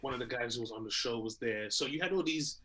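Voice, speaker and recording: A young comedian co-hosting a podcast, telling animated stories and acting out little scenes as he talks. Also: mid-range voice, fast, rough recording. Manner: animated storyteller, acts out little scenes, laughs readily. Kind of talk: casual chat.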